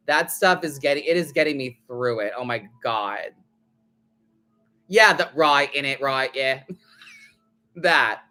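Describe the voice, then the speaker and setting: A man's voice: a little high, bright, forceful tone. A man hosting a live tarot stream, talking in a loose, chatty way full of "like" fillers, casual swearing and frequent laughter. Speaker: tarot reader, host.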